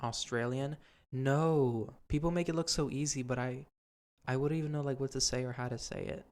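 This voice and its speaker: A man's voice: mid-range voice, steady tone, normal speed, a little mellow. Young man rambling in a casual chat. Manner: rambling, many fillers and "like". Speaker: podcast host.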